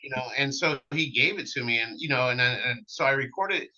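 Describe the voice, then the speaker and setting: Bright-voiced man telling animated stories. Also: mid-range voice, a little fast, dull audio. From American Midwest. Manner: animated anecdotes with many fillers and restarts. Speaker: cigar maker, guest. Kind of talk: casual storytelling interview.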